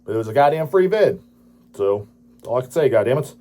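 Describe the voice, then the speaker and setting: A man's voice: mid-range voice, lively intonation, fast talker, mellow. A man in his late thirties hosting his own channel, answering viewer questions in a crude, profane, dismissive rant. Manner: crude, swearing, dismissive ranting. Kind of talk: profane ranting casual talk.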